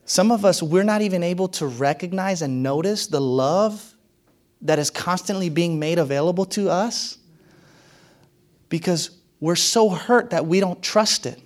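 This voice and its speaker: Emphatic preaching man, repeating phrases. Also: unhurried. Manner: emphatic, repeats key phrases, pitch swings widely. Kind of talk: sermon.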